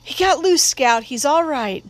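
An anxious young boy, as a woman narrator puts him on, talking in an urgent, high-pitched voice. He frets but tries to steady his little sister. It is read as part of an audiobook. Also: moderate pace, dry recording. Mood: alarmed. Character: worried young boy, protective older brother. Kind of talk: audiobook reading.

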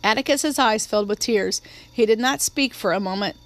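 A woman giving a steady, measured audiobook narration of a novel. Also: mid-range voice. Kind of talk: scripted narration.

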